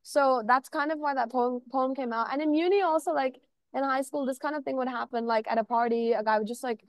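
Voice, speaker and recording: A young woman talks as a podcast guest in a fairly high voice, telling stories in a loose, animated way and acting out what others said. The sound is close and dry, with no room around her. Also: fairly quick, dry recording. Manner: animated storytelling, acts out quotes, frequent "like". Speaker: artist guest. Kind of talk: casual podcast chat.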